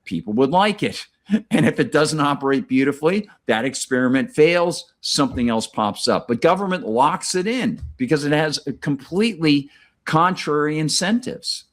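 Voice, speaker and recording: A man's voice: a little high, animated, moderate pace. Rambling man chatting on a podcast. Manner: rambling, many restarts and fillers. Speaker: podcast host. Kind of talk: casual conversation.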